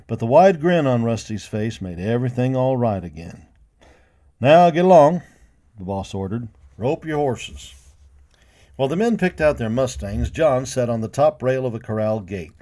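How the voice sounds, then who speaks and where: A man reading a western storybook aloud, giving each character a voice of his own. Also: mid-range voice. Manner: lively, voicing each character. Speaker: narrator.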